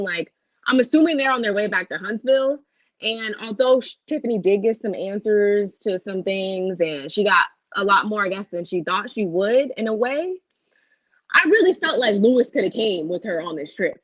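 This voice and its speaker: A woman's voice: mid-range voice, no echo. Rambling woman, dry muffled mic. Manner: rambling, thinking aloud with many pauses. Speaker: co-host. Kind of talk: casual chat on a livestream.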